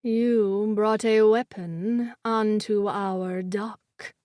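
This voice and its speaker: A woman voicing cold, menacing alien women who speak as one, in a slow, imperious, chilling way. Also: mid-range voice, fairly even intonation, a little mellow, dry recording, clean studio sound, voice pushed down. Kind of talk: audiobook character voice.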